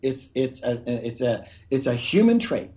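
A man's voice: mid-range voice, very animated, measured pace, mellow. A middle-aged man speaking as a guest on a podcast interview, emphatic and teacherly, often calling on listeners to pay attention. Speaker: guest author.

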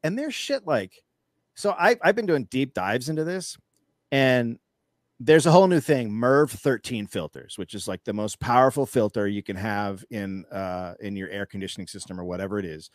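A man's voice: lowish voice, lively intonation, normal speed, dry recording, studio quality. A man speaking as an interview guest in casual chat, ranting with anger and profanity and telling stories animatedly, with frequent restarts.

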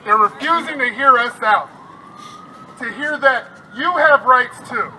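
A man's voice: very high voice, unhurried, pushed and bright, a little hiss or hum, rough recording. A man, a state legislator, giving a fiery, rousing rally speech outdoors while frustrated.

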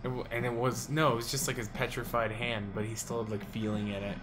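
A young man hosting a let's play, giving casual commentary on the game, excitable and quick to swear. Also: medium pitch, over music. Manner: excitable, swears a lot, sudden loud outbursts.

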